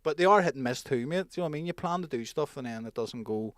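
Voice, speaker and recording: A man's voice: a little high, animated, very fast, dry recording, studio quality. Man, blunt banter. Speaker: podcast co-host. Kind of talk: casual chat.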